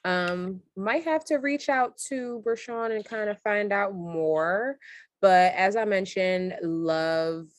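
A woman co-hosting a podcast in casual chat, expressive and playful. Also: mid-range voice, takes it slowly, no echo. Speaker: podcast co-host.

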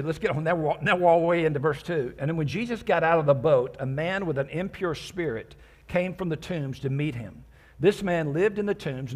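A pastor with a husky, slightly breathy, darkish voice pitched on the high side preaches a sermon, reading scripture verse by verse. He explains it in a relaxed, conversational manner and tosses joking asides to his congregation.

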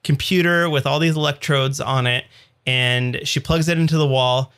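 Podcast co-host, man, thirties, crisp tense tone with fry, casual and full of restarts. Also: medium pitch, fairly even intonation, moderate pace, fairly bright tone. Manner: rambling storyteller with many fillers and restarts. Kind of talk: casual chat.

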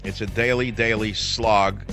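A man's voice: on the low side, fairly even intonation, measured pace, a bit bright, soft background music. A man hosting a talk radio show, giving a sarcastic, indignant political monologue with scornful asides.

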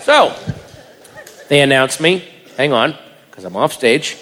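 A man doing stand-up, telling a story in an animated way, acting out voices and shouting punchlines. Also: mid-range voice, slow pace. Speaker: stand-up comedian. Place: comedy venue before a live audience. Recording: live room with long reverb and crowd. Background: audience laughter and crowd noise.

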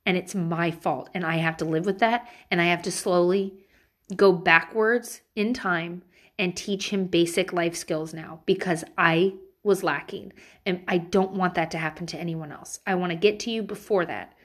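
A woman's voice: fairly low pitch, steady tone, moderate pace. A woman in her thirties, a mother telling personal stories and giving candid parenting advice in a casual way, swearing freely.

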